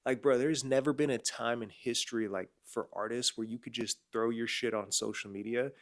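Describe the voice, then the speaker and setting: A man in his twenties, a clothing brand owner with a blocked, nasal voice, gives a casual motivational talk full of slang, and his loudness rises and falls from phrase to phrase. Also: medium pitch, fairly even intonation, a little fast. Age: 20s. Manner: slangy and emphatic, often saying bro and man. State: congested, nasal voice.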